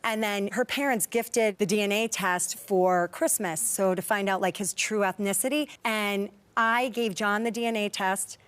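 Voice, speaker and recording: A woman's voice: mid-range voice, fairly even intonation, moderate pace, hardly any pauses, fairly bright tone. A woman telling a personal story in casual talk-show chat, full of fillers and acted-out quotes. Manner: chatty, many "like" fillers, acts out quoted dialogue. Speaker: reality show cast member.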